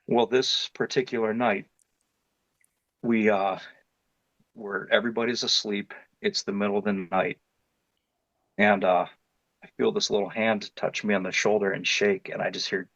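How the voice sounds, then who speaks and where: A man's voice: fairly low pitch, moderate pace, long pauses, dry recording. Rambling man with a dull, dry sound. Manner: rambling, with many restarts and fillers; grows more animated and louder as the story builds. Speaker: interview guest telling his experience. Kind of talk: casual storytelling.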